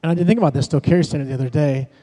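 A man's voice: on the high side, very fast, mellow. A man, a pastor and worship leader, preaching a sermon in a conversational way, telling personal stories to his congregation. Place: church sanctuary. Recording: long reverb of a large hall.

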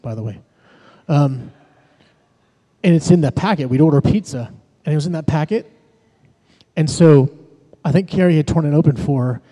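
A pastor and worship leader preaches a conversational sermon in a church sanctuary, sharing personal stories with his congregation. His voice is a little high and warm, and the recording carries the long reverb of a large hall.

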